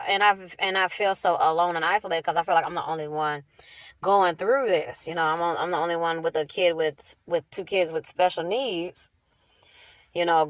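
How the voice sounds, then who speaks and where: A woman's voice: on the low side, a bit bright, no echo. A young adult woman and mother in an emotional personal rant, rambling and repeating herself. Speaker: mother of two.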